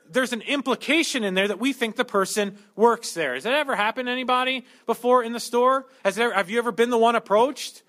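A man's voice: high-pitched, sharp tone. A man preaching a conversational sermon, working through a Bible passage verse by verse with humorous everyday asides. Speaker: pastor.

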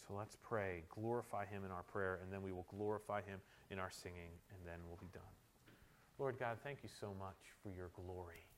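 A male pastor preaching a sermon, moving between loud emphatic climaxes and quiet, intimate stretches. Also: deep voice, steady tone, moderate pace, slight background noise. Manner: tells humorous anecdotes, shouting quoted amens.

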